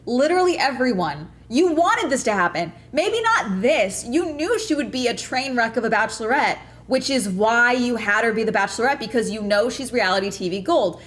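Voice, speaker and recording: A woman streaming live, gossiping to her viewers in a casual, heated rant. Her voice sits a little high, and she swears freely as she gets worked up. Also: a bit bright. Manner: ranting, profane, fired up. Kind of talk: casual livestream chat.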